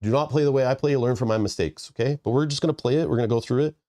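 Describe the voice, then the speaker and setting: Speaking very fast in a warm, medium-pitched voice, a congested livestream host sounds nasal and stuffy. He rambles along casually, thanking his viewers with joking asides.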